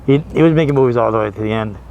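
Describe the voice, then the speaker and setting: A man's voice: mid-range voice, racing, darkish tone, slight background noise. A man hosting a horror movie show, talking casually and rambling, laughing easily and trailing off. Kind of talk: casual chat.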